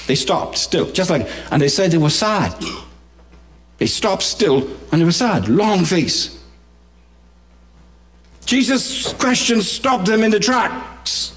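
A Bahamian male preacher with a high, very lively voice. He delivers his sermon with big dramatic rises and drops, and he mixes humor in with the scripture teaching. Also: unhurried, pauses often. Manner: animated, dramatic voice swings and humor.

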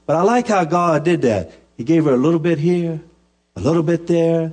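A man's voice: a little high, animated, moderate pace, darkish tone. A man preaching a sermon in a folksy storytelling way, with humorous asides and repeated, restarted phrases.

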